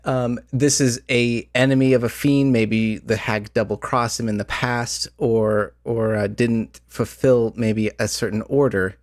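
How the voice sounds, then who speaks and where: A man's voice: mid-range voice, steady tone, a little slow, few pauses, no room sound. Podcast host, male, chatty game master, rambling delivery, a bit worn out, dry close sound. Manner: rambling, many fillers and restarts. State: voice slightly going out. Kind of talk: casual chat about tabletop games.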